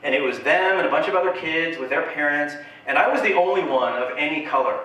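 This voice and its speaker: A man's voice: fairly high pitch, quick pace, bright, forceful tone. A man doing a stand-up comedy set on stage, telling a story and acting out the voices of the people in it. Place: live venue on stage. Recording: very echoey live venue, distant mic.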